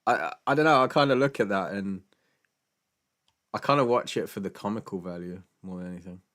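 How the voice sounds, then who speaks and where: A man's voice: lowish voice, fairly quick, a bit bright. A British man hosting a casual live stream Q&A, chatty and laughing often, with stammering restarts and jokey mock voices when quoting people. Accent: British English. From Britain.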